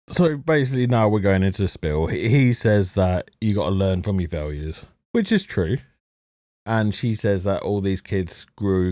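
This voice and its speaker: A man's voice: sits low, mellow, no room sound, studio quality. A man ranting sarcastically about a show as a reviewer, swearing heavily and breaking into mocking laughs. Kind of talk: ranting commentary over a show.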